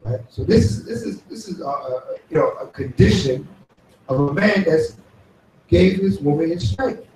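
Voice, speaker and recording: High-pitched male preacher, casual and playful, far off in an echoey hall. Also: lively intonation, normal speed, darkish tone, a little hiss or hum. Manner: loose, conversational, playful repetition. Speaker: teacher leading scripture study. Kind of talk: preaching commentary on scripture. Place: worship hall.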